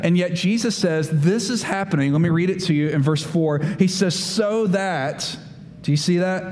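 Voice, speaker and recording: A pastor giving a sermon, talking animatedly and acting out the voices of Bible figures. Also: male voice, high-pitched, darkish tone. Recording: long hall reverb, faint room noise.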